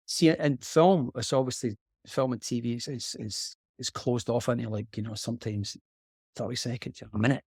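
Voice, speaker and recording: Scottish man, middle-aged, gravelly voice, heartfelt and halting, video call, dry sound. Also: medium pitch, a little mellow, no echo. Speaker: guest actor. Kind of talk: reflective conversation.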